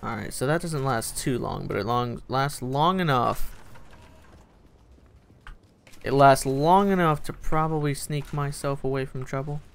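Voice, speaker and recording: A gaming channel host giving excitable gameplay commentary, swearing often and yelping at what happens in the game. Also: medium pitch, measured pace, vocal fry, pauses often, slight background noise. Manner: excitable, swears a lot, yelps and laughs at the game.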